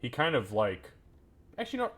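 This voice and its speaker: A man's voice: medium pitch, wildly swooping pitch, a little fast, fairly bright tone. A man running a tabletop game as game master, narrating casually with hesitations.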